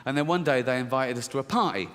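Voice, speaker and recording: A man's voice: medium pitch, fast talker, fairly bright tone. Man, British accent, stand-up comedian, blunt, brash, short of breath, lingering hall reverb. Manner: blunt, brash, laughing at his own jokes. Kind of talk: stand-up routine. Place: large theatre stage. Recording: stage mic with hall reverb.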